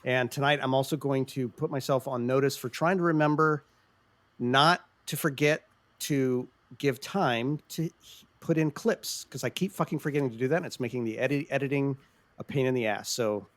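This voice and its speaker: A man's voice: mid-range voice, normal speed, dry recording. A man co-hosting a podcast, chatting casually and laughing, swearing freely. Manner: casual and profane, laughs often. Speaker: podcast co-host. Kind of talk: casual chat.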